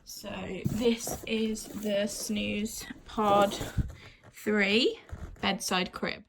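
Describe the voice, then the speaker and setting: A woman's voice: medium pitch, extremely slow, distant mic. Breathless, gushing pregnant vlogger, young adult woman; camera a few feet back in an echoey living room. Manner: excited, gushing, casual. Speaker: parenting vlogger. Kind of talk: unboxing vlog. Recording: echoey room, camera mic away from her.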